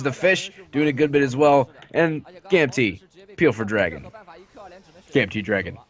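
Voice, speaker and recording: A man's voice: mid-range voice, expressive, measured pace, fairly bright tone, lo-fi sound. A man casting a live esports match, joking around and laughing between play-by-play calls. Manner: jokey, rambling, laughs often. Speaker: esports caster.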